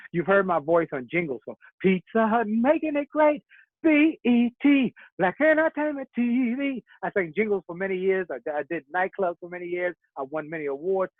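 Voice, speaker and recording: High-pitched motivational speaker, tinny audio. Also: male voice, dry recording. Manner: storytelling, preacherly rhythm, rhymed slogans. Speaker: keynote speaker. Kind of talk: motivational keynote speech.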